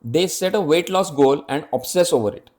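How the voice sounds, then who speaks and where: Man, 50s, earnest explainer narrator with a slightly raised pitch, talks straight to camera. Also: normal speed, darkish tone. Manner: earnest, direct, addresses viewer with rhetorical questions. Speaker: health app presenter. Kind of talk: scripted health explainer narration.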